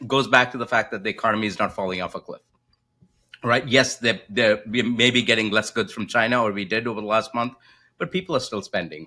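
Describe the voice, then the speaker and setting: A man co-hosting a casual finance podcast, walking through economic data and often checking in with a quick "right?". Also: lowish voice, pushed and bright. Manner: explanatory, data-heavy, asks rhetorical "right?". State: coughing, slightly choked up. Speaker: co-host, macro strategist. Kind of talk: casual market podcast chat.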